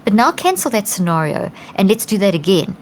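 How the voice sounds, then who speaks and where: A middle-aged woman guest on a podcast, explaining in an earnest, animated way, often restarting and acting out quotes. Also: mid-range voice, brisk, slight background noise. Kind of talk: conversational explanation.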